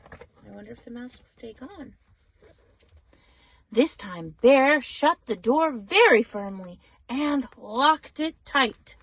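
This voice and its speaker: An older woman reading a picture book aloud, with animated delivery and whispered asides to the listener. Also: a little high, slow, pauses often, husky, dry recording. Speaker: storybook reader.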